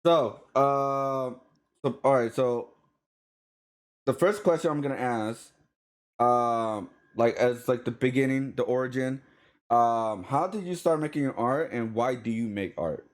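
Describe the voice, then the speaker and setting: Hosting a live-streamed artist podcast, a man with a mid-range voice talks a little slowly. The casual interview meanders, with frequent fillers and restarts.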